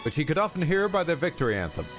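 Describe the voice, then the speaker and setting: A man's voice: on the high side, sing-song, very fast, over music. A man streaming a game, reading its dialogue aloud theatrically with joking asides.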